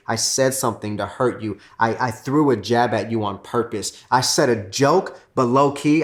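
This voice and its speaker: A middle-aged man and pastor teaching on marriage alongside his wife, earnest and given to acting out remembered arguments. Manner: earnest, acts out quoted arguments with rising pitch.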